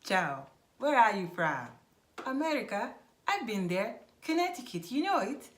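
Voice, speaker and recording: A pushy, overly friendly Italian man, put on by a woman, chatting up a tourist. He coaxes with a lilting, high-pitched sweetness. He keeps insisting in a bouncy, lively voice. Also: measured pace, roomy sound. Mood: coaxing. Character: smooth-talking flirtatious Italian man pickup artist.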